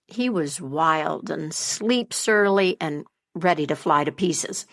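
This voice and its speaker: A woman telling a folk tale as a podcast storyteller, slow and expressive. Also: low-pitched.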